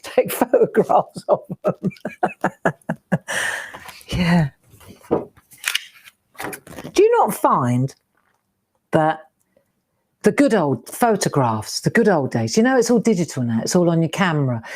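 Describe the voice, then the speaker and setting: This craft show host, a middle-aged woman, has a lowish voice with a darkish tone. Her live stream is casual chat punctuated by exclamations as she sorts through old keepsakes.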